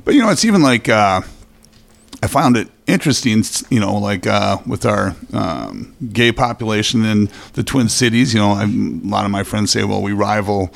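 A man's voice: fairly low pitch, expressive, creaky. Rambling middle-aged Minnesota man. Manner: rambling, halting storyteller with many fillers. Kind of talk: casual chat.

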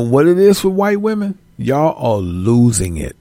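A man giving a blunt, preachy, animated rant to his viewers, swearing freely. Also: mid-range voice, unhurried, dry recording. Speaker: vlogger. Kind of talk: ranting commentary to viewers.

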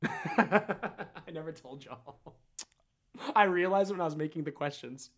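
Guy hosting a podcast quiz, kinda high voice, keeps cracking up. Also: unhurried. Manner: laughs a lot while teasing. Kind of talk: casual podcast quiz banter.

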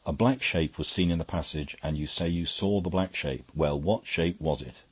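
A man voicing a sharp, scornful barrister cross-examining a witness. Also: low-pitched, normal speed, breathy edge, dry recording. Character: sharp hostile male barrister.

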